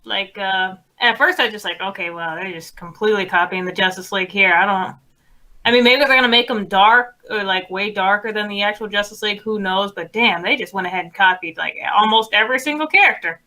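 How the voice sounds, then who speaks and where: A woman joining a casual chat, speaking in a laid-back, wry way with soft laughs. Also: mid-range voice, a little fast.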